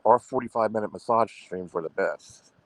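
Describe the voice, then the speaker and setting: A man with a very deep voice hosts his own livestream. He rambles and brags, circling back over the same phrases. The sound is dry, with no room echo at all. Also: normal speed. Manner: boastful and repetitive, goes on the offensive. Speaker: livestream host.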